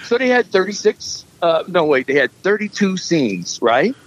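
A man's voice: high-pitched, sing-song, normal speed, highs cut off. A man, a musician and filmmaker, telling rambling stories in casual chat and acting out what people said. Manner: rambling storyteller, acts out quotes.

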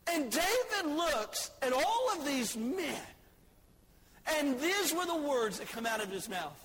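A male preacher delivers a joking, story-driven sermon, dropping to soft asides and rising to shouts. His voice is very high. A faint hiss runs behind him. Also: sing-song, slow pace.

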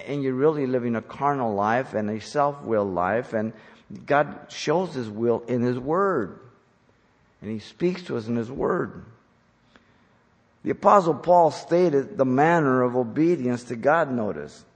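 A man preaching an expository sermon as a pastor, emphatic and deliberate, slowing down on key phrases. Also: mid-range voice, lively intonation. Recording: long hall reverb.

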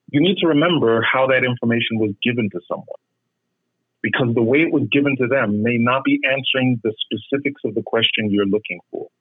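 Brief: male Bible study teacher, husky and dry, muffled phone-like sound. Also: medium pitch, no echo. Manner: measured, explanatory, repeats words when correcting.

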